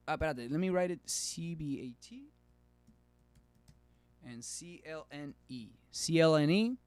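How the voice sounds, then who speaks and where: Man, high-pitched, smooth, excitable and joking, livestream host reading chat, dry close mic. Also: dry recording. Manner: excitable, joking, swings between loud and muttered; drops Spanish words into English. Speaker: stock market livestream host.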